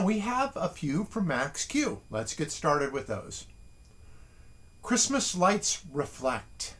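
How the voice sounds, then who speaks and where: A man hosting a casual morning livestream, reading listeners' haiku slowly and adding wry, chatty asides from his desk at home. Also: mid-range voice, fairly bright tone. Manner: chatty and wry, reads poems slowly and deliberately.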